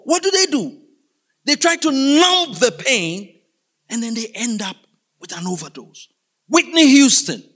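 African guy preaching, pretty high voice, acts stuff out and shouts now and then. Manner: animated, acts out scenes with sudden shouts. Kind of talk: storytelling sermon.

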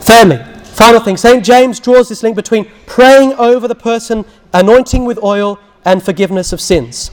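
A Catholic priest gives a teaching talk in a high voice. He tells stories and acts out the people he quotes, sometimes dropping to a hushed tone. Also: moderate pace, hardly any pauses. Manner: storytelling, acts out quotes, drops to a hushed voice when recounting prayers.

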